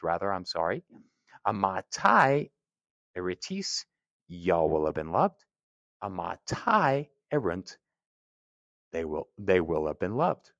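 A man, teaching a Latin grammar lesson in a relaxed, chatty way, with drawls and restarts. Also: mid-range voice, no echo, clean studio sound.

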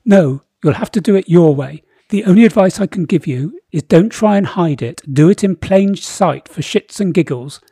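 A man voicing a jolly, careless king with a loud, theatrical delivery. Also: high voice, animated, normal speed, hardly any pauses, husky, dry recording, studio quality, pitched above the performer's own voice, heavily acted. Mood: boisterous. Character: jolly blustering male king, careless and guffawing.

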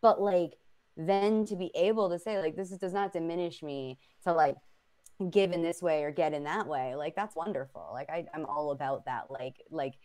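Chatty woman on a podcast, kinda low voice, lots of "like", animated stories. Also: normal speed. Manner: animated storytelling, many "like" fillers. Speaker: podcast co-host. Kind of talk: casual chat.

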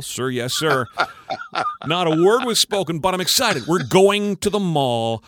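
A man's voice: on the high side, normal speed, no echo, clean studio sound. A man, a radio co-host telling a family anecdote and acting out the voices in it. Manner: animated storyteller acting out voices. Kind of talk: casual radio chat.

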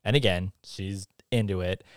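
A man's voice: deep voice, dry recording, clean studio sound. Chatty man recapping a movie. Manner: chatty, laughing, acts out characters' lines in quick impressions. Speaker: podcast co-host. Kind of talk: casual movie recap chat.

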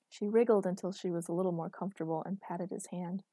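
A woman narrating a story in an even, measured reading voice. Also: on the low side, no room sound.

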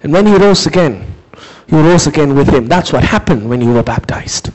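A man preaching a sermon, dramatic, shouting some phrases and dropping low and slow for others, asking listeners to repeat words after him. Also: animated, poor audio. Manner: dramatic, swings from high emphatic shouts to low slow intense delivery.

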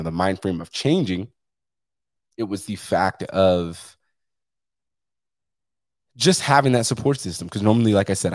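Blunt, profane man with a deep voice. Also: a little mellow, dry recording. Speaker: podcast host. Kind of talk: candid solo podcast monologue.

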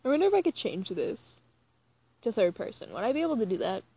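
A woman with a husky, slightly breathy voice reads a story aloud in a casual, offhand way. She keeps stopping to groan and complain before pushing on with the text. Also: mid-range voice, very animated, fast, dark tone. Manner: groans and cringes between read passages. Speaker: reader of fan fiction aloud. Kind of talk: casual reading with exasperated asides.

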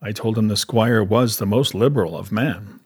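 A man reading a classic adventure novel aloud as first-person audiobook narration, in a measured, even storytelling manner. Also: on the low side, breathy edge.

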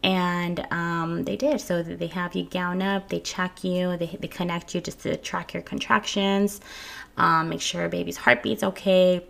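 A woman's voice: on the low side, flat delivery, unhurried, gravelly, a bit bright. A young woman telling a personal story to her viewers from home in a casual, candid way, swearing freely and restarting her sentences. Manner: candid and frank, swears freely, frequent restarts and little laughs. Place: at home early in the morning.

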